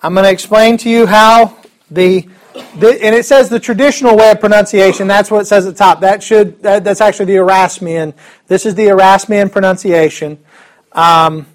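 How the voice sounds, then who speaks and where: A man's voice: sits high, fairly even intonation, moderate pace. A man teaching a Greek alphabet class in a classroom, upbeat and chatty with joking asides. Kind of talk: classroom lesson.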